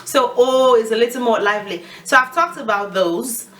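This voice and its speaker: A woman's voice: a little high, moderate pace, a bit bright, far from the mic, low-quality recording. A woman giving a casual language lesson, chatty and laughing often as she mixes in Yoruba phrases.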